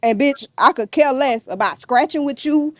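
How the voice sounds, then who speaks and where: A woman's voice: high voice, normal speed, no room sound. A woman guest on a podcast, ranting bluntly and defiantly, cursing and throwing insults nonstop. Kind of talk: heated rant in an interview.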